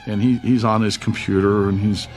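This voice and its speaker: A man's voice: fairly low pitch, steady tone, moderate pace, soft background music. A man in an interview clip telling an anecdote, laughing now and then as he recounts it. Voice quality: gravelly, laughs between phrases.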